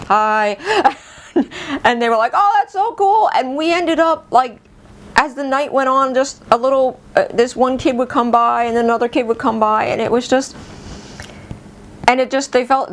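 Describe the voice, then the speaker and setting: A middle-aged woman tells a personal story in a relaxed, chatty way. Her voice sits at a mid pitch, and she is animated and quick to laugh. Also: slight background noise. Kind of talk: casual spoken storytelling.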